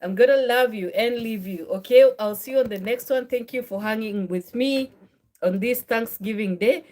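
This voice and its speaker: A woman's voice: on the high side, normal speed, darkish tone. A woman giving an informal Bible teaching, earnest and conversational, often ending phrases with a questioning "okay?" and correcting herself as she goes. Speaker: faith and marriage channel host.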